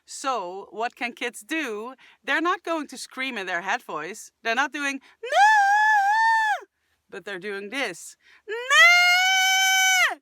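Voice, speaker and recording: Animated, chatty woman vocal coach. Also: fairly high pitch, measured pace, few pauses, very noisy. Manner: demonstrates sounds with sudden loud shouted cries; chatty, enthusiastic, breaks into sung fragments. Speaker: singing channel host. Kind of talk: reaction video with vocal tips.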